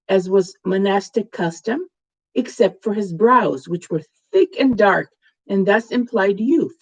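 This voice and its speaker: A woman author reading her own fantasy tale aloud in a slow, measured way. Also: medium pitch, darkish tone, poor audio. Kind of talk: storybook narration.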